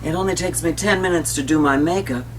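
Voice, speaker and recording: A man's voice: a little high, voice pushed up, close to an everyday voice. Male performer as a grand, languid drag diva; distant, hissy camcorder sound. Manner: affected put-on drawl, slow and grand. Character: languid campy drag queen persona, grand and self-mocking. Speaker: drag performer in audition tape. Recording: distant, noisy old camcorder audio.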